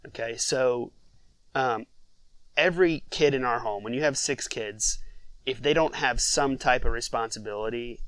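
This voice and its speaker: A man, a father of six, telling a family story in a relaxed podcast interview, with lots of fillers. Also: medium pitch, moderate pace, dry recording, rough recording. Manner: conversational, many fillers, reflective storytelling.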